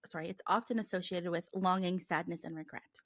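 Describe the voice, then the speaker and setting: A woman's voice: fairly low pitch, steady tone, fairly quick, fairly bright tone, no echo. A woman co-hosting a podcast in casual chat, talking freely with many "like"s and sometimes reading passages aloud. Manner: chatty, heavy use of "like", reads passages aloud. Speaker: podcast co-host and medium.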